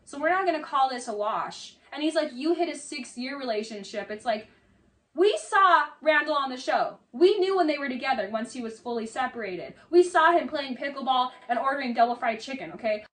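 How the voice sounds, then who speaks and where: A woman with a high voice picks apart a reality show in casual, sarcastic commentary, leaning on "like" again and again. She sounds exasperated. Her mic is a bit far off. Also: lively intonation, brisk. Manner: sarcastic, exasperated, many "like" fillers. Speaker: video essay commentator.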